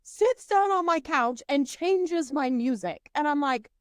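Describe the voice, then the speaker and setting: A woman in her twenties, co-hosting a podcast, telling a story in an animated, profane way with lots of fillers. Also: high-pitched, unhurried, dry recording, clean studio sound. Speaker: podcast co-host. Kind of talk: casual storytelling chat.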